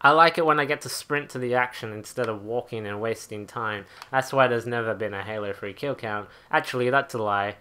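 Guy ranting and swearing over his game footage, sharp bright voice, fed up. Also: medium pitch, fairly quick, few pauses, smooth. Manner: profane, exasperated ranting. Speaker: gaming channel host. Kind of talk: angry gameplay rant.

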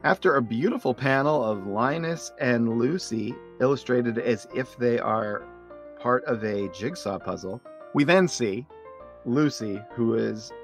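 A middle-aged man hosting a podcast, narrating comic strips aloud in an animated way. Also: mid-range voice. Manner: animated narration, frequent laughs. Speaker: podcast host.

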